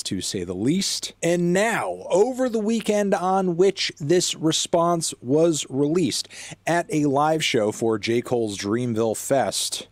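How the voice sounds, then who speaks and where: A man hosting a commentary on music news, talking in a measured way that builds emphasis. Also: medium pitch, no room sound. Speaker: host.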